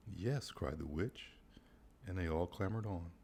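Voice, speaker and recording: A man reading a rhyming bedtime storybook aloud in a gentle, rhythmic way. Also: low-pitched, a little slow, slight background noise.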